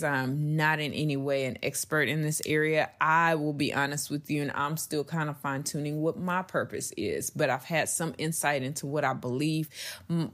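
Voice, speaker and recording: A young adult woman hosts a faith-based podcast, her voice sitting low. She speaks earnestly and conversationally, growing more emphatic as she goes.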